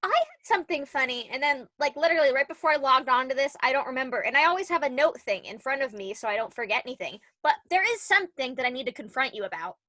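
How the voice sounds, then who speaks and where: A young woman co-hosting a podcast, chatting casually with lots of "like" and animated retellings. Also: sits high, fast talker, few pauses, no room sound. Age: young adult. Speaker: podcast co-host. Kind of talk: casual chat.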